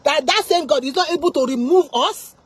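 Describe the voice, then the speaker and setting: A woman's voice: high-pitched, brisk, no echo. A woman preaching an informal sermon, impassioned and full of repeated rhetorical questions.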